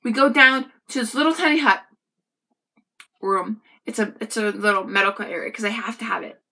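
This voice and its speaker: A young woman vlogger telling a personal story to the camera in a chatty, animated way, with frequent asides to the viewer. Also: medium pitch, fairly quick, vocal fry.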